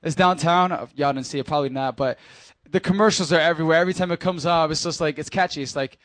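A man's voice: a little high, quick pace, fairly bright tone, no echo. A man preaching in a casual, conversational way, speaking directly to his congregation and acting out Bible scenes. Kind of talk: sermon.

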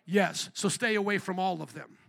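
Male pastor, very high, bright and forceful voice, preaching with pointed rhetorical questions. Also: moderate pace, creaky. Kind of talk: sermon.

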